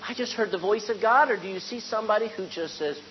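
A woman's voice: mid-range voice, fast, in a large hall, dull audio, a little hiss or hum. A woman preaching a sermon to a congregation, asking rhetorical questions and acting out the lines she quotes.

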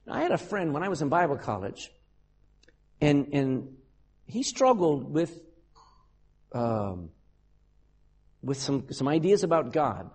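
A man preaching a sermon as a pastor, animated and acting out quotes dramatically. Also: a little high, measured pace, long pauses, slightly rough.

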